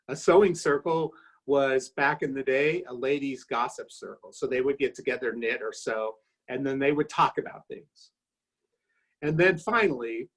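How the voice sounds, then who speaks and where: A man in his fifties giving informative, steady remarks before a recitation at a fraternity dinner, pausing often with "uh". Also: medium pitch, poor audio. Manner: steady, informative, with frequent "uh" pauses. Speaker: toast presenter at a fraternity dinner.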